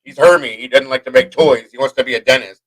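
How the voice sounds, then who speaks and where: A man's voice: mid-range voice, fast talker, a bit bright, pitched above the performer's own voice, lightly acted, poor audio. A man putting on the voice of a mocking male viewer who taunts him.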